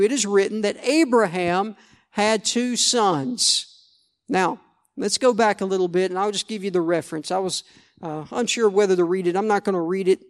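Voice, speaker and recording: A male pastor preaching a sermon, conversational, restarting phrases and asking the congregation "Amen?". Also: high-pitched.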